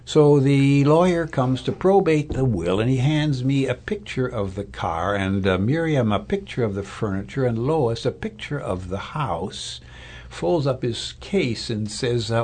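A man's voice: medium pitch, animated, unhurried, a little mellow. A man preaching a sermon as a pastor, in a conversational, thoughtful way with fillers and restarts. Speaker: Lutheran pastor or Bible teacher.

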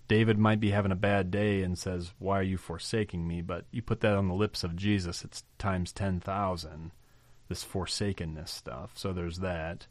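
A man with a low voice explains scripture in a podcast-style Bible teaching. He talks in a thoughtful, explanatory way and poses rhetorical questions. The sound is dry and close. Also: no echo.

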